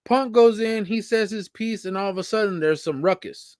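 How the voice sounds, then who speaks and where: A laid-back man co-hosting a wrestling podcast, his voice sitting fairly high. The sound is dry and close, and he keeps filling his talk with "you know what I'm saying.". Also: moderate pace, a little mellow, no room sound. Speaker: podcast co-host. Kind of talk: casual wrestling podcast chat.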